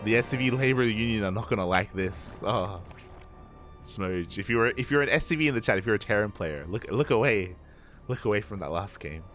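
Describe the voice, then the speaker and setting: Lively man casting a live game. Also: fairly low pitch, brisk, soft background music. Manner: lively and joking, laughs often, talks to the chat. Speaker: esports caster. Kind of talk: live play-by-play game commentary.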